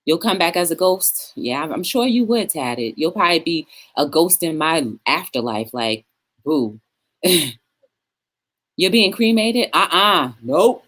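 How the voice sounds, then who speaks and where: Talk show host, woman, low-pitched, chatty and rambling, laughs a lot. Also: big pitch swings, a little slow, fairly bright tone. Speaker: talk show host reading live chat. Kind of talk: casual chat.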